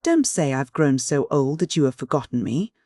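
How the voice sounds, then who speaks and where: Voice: mid-range voice, big pitch swings, darkish tone, no room sound, studio quality, natural voice. A narrator doing a gushing society countess. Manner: gushing, rapid, theatrical. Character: chattering society countess, middle-aged woman.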